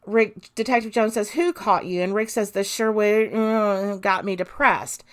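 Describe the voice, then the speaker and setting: A woman's voice: medium pitch, measured pace. A woman hosting a podcast, reading an interrogation transcript aloud and breaking off for casual spoken asides. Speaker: podcast host. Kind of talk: true crime podcast narration.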